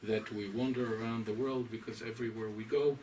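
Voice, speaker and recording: A man, a rabbi, giving a deliberate, emphatic, scholarly lecture to a small audience. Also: on the low side, steady tone, darkish tone. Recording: distant mic, faint room noise.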